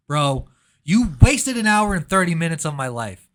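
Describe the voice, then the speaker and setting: A man's voice: fairly high pitch, very animated, moderate pace, a bit bright. A man reviewing a horror movie in casual chat, ranting sarcastically with mock outrage.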